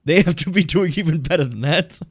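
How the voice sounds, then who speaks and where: A man streaming a game, chatting and rambling in a casual, animated way between game lines. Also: fairly high pitch, a little fast, husky, dry recording, clean studio sound. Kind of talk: casual gameplay commentary.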